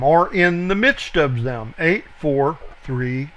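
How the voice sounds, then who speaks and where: A man teaching a verse-by-verse Bible study, slow and deliberate, pausing to spell out words and correct himself. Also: fairly high pitch, animated, fairly bright tone.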